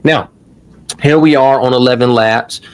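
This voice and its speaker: A man's voice: medium pitch, measured pace, clean tone. Chatty man hosting a live tutorial. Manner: loose and chatty, swears, calls the audience "y'all". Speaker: online course host. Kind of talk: casual live-stream tutorial.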